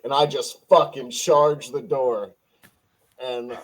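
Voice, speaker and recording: A man's voice: mid-range voice, steady tone, a little slow. A man playing a tabletop horror game, talking bluntly and cursing freely. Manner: blunt and profane. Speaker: player.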